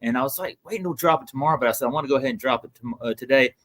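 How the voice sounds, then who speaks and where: A man's voice: mid-range voice, very fast, hardly any pauses, a bit bright. A man in his forties with a Southern US accent, hosting a casual livestream chat in an upbeat, chatty way. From Georgia, US. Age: 40s. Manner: upbeat, repeats "super pumped", chatty. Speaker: livestream host.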